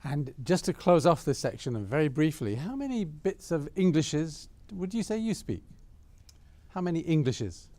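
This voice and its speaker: A man's voice: on the high side, very animated, normal speed, a little mellow, no echo. A man interviewing a guest and asking short prompting questions.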